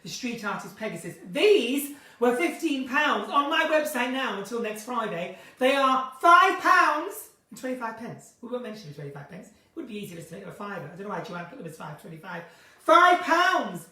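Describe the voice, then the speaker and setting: A woman hosting a casual live chat from her kitchen at home, theatrical and chatty, swinging between bright exclamations and low asides. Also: lively intonation, a little fast. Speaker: live-stream host chatting with viewers. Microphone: phone or webcam in a live stream. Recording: roomy, distant from the mic.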